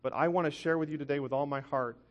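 A man preaching in a hall with long reverb, his voice sitting a touch high for a man. He tells a personal story in earnest, animated sermon style, often restarting his sentences. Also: fast talker, lo-fi sound. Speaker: pastor.

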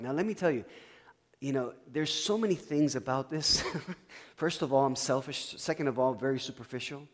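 A man preaching a sermon as pastor, telling a story and swinging between loud bursts and hushed asides. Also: medium pitch, moderate pace. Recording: long reverb of a church hall.

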